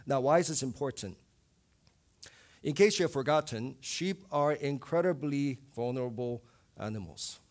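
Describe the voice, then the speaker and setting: Earnest man preaching a sermon. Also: mid-range voice. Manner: earnest preaching with emphatic rises. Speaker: pastor.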